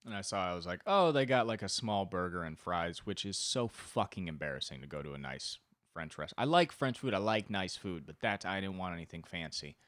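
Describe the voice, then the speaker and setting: A man's voice: deep voice, fairly quick, a bit bright, no echo, studio quality. A man in his twenties hosting a solo podcast, rambling and self-deprecating, swearing freely as he tells comic stories. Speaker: podcast host. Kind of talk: solo comedic monologue.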